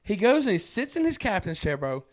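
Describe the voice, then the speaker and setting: A man with a notably high voice, appearing as a podcast guest, tells a story at a brisk clip. He's animated and casual, acting out the voices of the people involved and laughing often between lines.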